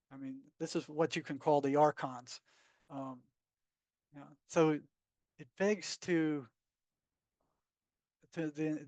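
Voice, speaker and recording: A man's voice: a little high, dry recording. A man, a psychotherapist guest, telling stories in a blunt, emphatic way. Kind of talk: conversational storytelling.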